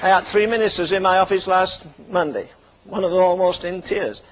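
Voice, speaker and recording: Older man, high-pitched voice, fervent sermon, punchy rhetorical questions, dry asides. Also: brisk, low-quality recording. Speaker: preacher.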